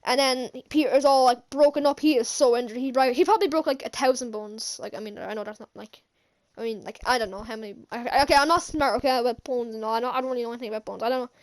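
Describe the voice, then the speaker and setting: A woman giving an excited, rambling movie recap as a vlogger, gushing, with lots of fillers and restarts. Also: fairly high pitch, quick pace, few pauses.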